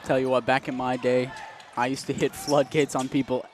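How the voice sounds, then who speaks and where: A man's voice: medium pitch, flat delivery, normal speed. A young man doing casual, joking play-by-play commentary on a college basketball game into a close mic, laughing often and a bit out of breath. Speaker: student sports commentator.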